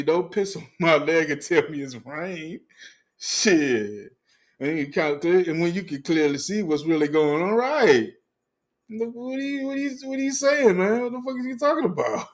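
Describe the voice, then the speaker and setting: Animated high-voiced man ranting on stream. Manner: profane, animated, laughs often, restarts a lot; heavy slang, talks straight to viewers. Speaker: sports fan livestream host. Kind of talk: casual livestream rant reading chat comments.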